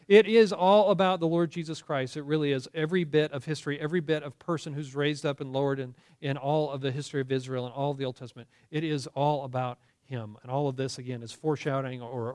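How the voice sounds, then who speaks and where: Fairly high-voiced man preaching informally. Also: dry recording, clean studio sound. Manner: informal, frequent restarts and self-corrections; asks the listeners questions. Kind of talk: conversational Bible teaching sermon.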